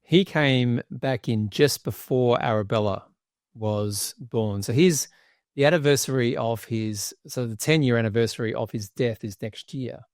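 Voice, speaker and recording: A man's voice: medium pitch, a little slow, a little mellow, dry recording, clean studio sound. A man guesting on a podcast, telling a personal story candidly with frequent restarts. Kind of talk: casual interview chat.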